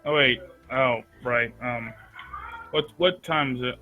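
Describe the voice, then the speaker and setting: A man's voice: medium pitch, takes it slowly, phone-quality sound, faint music behind. A man playing in a tabletop game, talking in a blunt, wry, casual way. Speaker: player.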